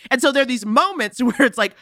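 A woman co-hosting a podcast, recapping a movie in a sarcastic, animated way and laughing often. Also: high voice, quick pace, no echo, clean studio sound. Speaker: podcast co-host.

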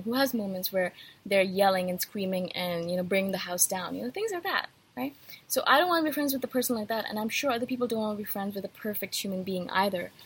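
A woman's voice: mid-range voice, husky, low-quality recording. A woman podcast host in a casual, blunt rant, speaking candidly and laughing easily, a little feverish. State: slightly feverish.

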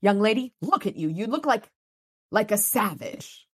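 A woman's voice: mid-range voice, very animated, normal speed, breathy edge, voice pushed up. A woman voicing a strict, scolding mother. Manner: cold, scolding. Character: stern, strict middle-aged mother.

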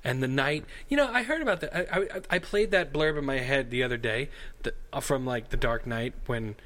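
A man's voice: medium pitch, lively intonation, fairly quick, a bit bright. A man co-hosting a casual podcast, rambling and digressive with a jokey tone. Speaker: podcast co-host. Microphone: headphones and studio mic.

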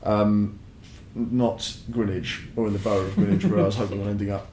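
A man's voice: fairly low pitch, fairly even intonation, fairly quick, warm tone, a little hiss or hum. A young man, telling a rambling, sweary story as a podcast guest. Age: young adult. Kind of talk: casual storytelling. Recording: roomy echo.

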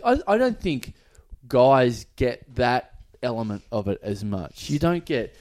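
Lively man, bantering. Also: medium pitch, measured pace. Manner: laughing, self-deprecating banter. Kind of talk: casual podcast chat.

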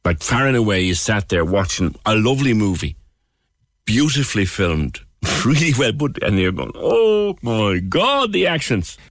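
A man's voice: lowish voice, expressive, normal speed, no echo, studio quality. A man with an Irish accent, a radio host chatting in an exasperated, scathing way. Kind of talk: opinionated radio chat.

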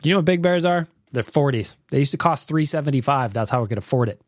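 A man hosting a podcast, reacting to voicemails in a jokey, animated way with mock-serious asides. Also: fairly high pitch, quick pace, dry recording, clean studio sound. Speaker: podcast host.

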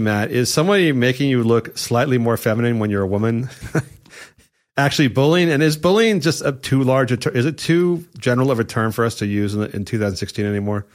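A man riffing as the host of a comedy chat show, crude and teasing. His voice sits at an ordinary mid pitch. He mocks and jokes as he talks. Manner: crude, joking, mocking. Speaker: podcast host.

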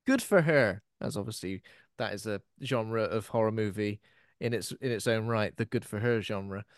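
A man's voice: fairly low pitch, level tone, moderate pace, clean tone, dry recording, studio quality. A man co-hosting a podcast in casual chat, swearing freely and slipping into mocking voices. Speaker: podcast co-host.

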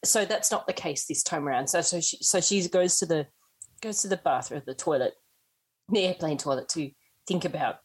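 A woman's voice: sits low, normal speed, breathy edge. A woman co-hosting a casual, joking book chat and laughing often. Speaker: podcast co-host.

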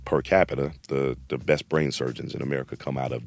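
A middle-aged man casually telling a story, animated and slangy, acting out quotes. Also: extremely low pitch, fast talker.

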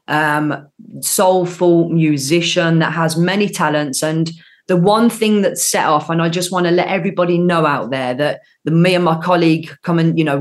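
A woman with a Birmingham accent hosting an interview show, speaking in a gushing, emphatic way with frequent restarts. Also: sits low. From Birmingham, England. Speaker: podcast host. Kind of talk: effusive interview chat.

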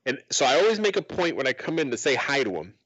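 A man's voice: mid-range voice, sing-song, fast talker, fairly bright tone, slightly rough, no echo, highs cut off. A middle-aged man from Arizona telling a story in casual podcast chat, swearing freely and acting out the quotes. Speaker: podcast co-host.

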